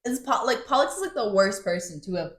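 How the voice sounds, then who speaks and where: A woman's voice: mid-range voice, quick pace. A woman co-hosting a podcast, animatedly retelling a book with lots of laughter. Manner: animated, laughing, acts out quotes. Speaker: podcast co-host. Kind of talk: casual book recap chat. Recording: echoey room.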